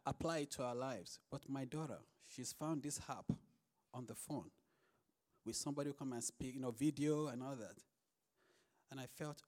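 A young man speaks earnestly in church about raising his children. His voice sits at an ordinary middle pitch, and he tells the story plainly and sincerely, like a father giving a testimony. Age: young adult. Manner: earnest storytelling that bursts into high, loud acted quotes.

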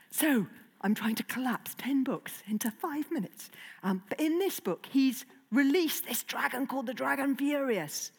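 A woman's voice: high-pitched, measured pace, gravelly, husky. A woman, a children's author, giving a chatty, digressive talk to children, with many fillers. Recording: long hall reverb.

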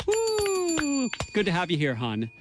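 Lively, playful male radio host. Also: medium pitch, fairly quick. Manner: joking, playful, reads sponsor plugs. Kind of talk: casual radio banter. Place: college radio studio.

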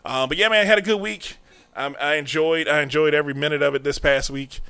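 A man's voice: a little high, fast talker, bright, forceful tone, smooth. A man in his thirties hosting a comedy podcast in casual, playful banter, laughing often and repeating words as he gathers his thoughts. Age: 30s. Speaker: podcast host. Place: podcast studio.

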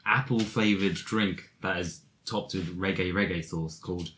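A man in an improvised comedy scene, hesitant and quick, trailing off as he talks. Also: low-pitched, fairly even intonation, a bit bright. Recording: background noise.

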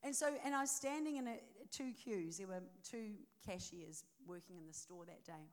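A New woman delivers a sermon, weaving in a personal story. She tells it animatedly, with plenty of "um"s, "like"s and restarted sentences. Her voice sits at an ordinary middle pitch for a woman. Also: moderate pace. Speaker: preacher.

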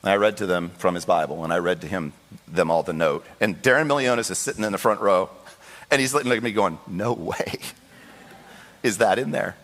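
Storytelling pastor in a reverberant hall. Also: male voice, low voice, fast talker. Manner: storytelling with lively voiced quotes. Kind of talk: sermon. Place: church sanctuary.

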